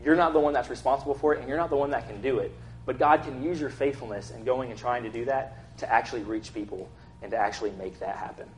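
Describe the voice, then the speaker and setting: A man's voice: medium pitch, quick pace, slight background noise. A young man preaching a casual, conversational sermon, acting out quotes in an everyday voice. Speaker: pastor.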